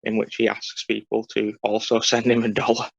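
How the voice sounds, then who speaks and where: A man's voice: lowish voice, monotone, normal speed, gravelly, breathy edge, highs cut off. A man co-hosting a podcast, talking casually in long, detail-minded explanations. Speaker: podcast co-host. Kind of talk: casual chat.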